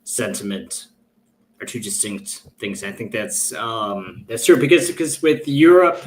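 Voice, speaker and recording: Male podcast host, lower pitch, thoughtful and hesitant delivery. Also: lively intonation, unhurried, slight background noise. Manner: hesitant, filler-heavy reasoning. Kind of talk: political podcast discussion.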